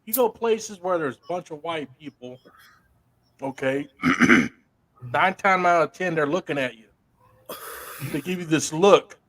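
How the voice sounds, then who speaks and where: A man's voice: a little high, measured pace, long pauses, a bit bright. A man in a casual chat, speaking emphatically and swearing. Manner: emphatic, profane.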